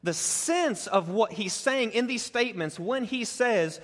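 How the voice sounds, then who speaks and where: A man with a fairly high voice preaches a sermon, earnest and emphatic, climbing higher and louder as he drives his points home. His voice carries a long, ringing reverb, as if recorded in a large church hall. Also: expressive, normal speed, few pauses. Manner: earnest, building emphasis, rises in pitch and force as he presses a point. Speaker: pastor.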